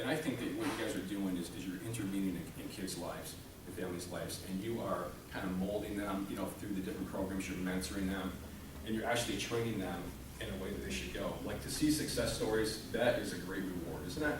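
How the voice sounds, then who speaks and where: A man's voice: deep voice, quick pace. A man giving a comedic motivational talk to a staff audience, joking and conversational, asking the room rhetorical questions. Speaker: motivational speaker. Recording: very echoey room, mic far off, background noise. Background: audience laughter.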